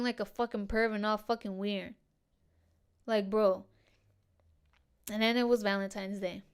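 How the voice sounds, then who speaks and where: Smooth-voiced woman swearing through a story. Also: a little high. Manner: heavy swearing and slang, addresses listeners as dude and girls. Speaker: podcast host. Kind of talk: casual storytelling to listeners.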